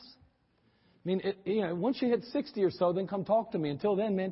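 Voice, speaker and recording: A man's voice: high-pitched, normal speed, breathy edge. A man preaching a sermon, telling a childhood story in a folksy, humorous way and repeating phrases for emphasis. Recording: dull sound with long hall reverb.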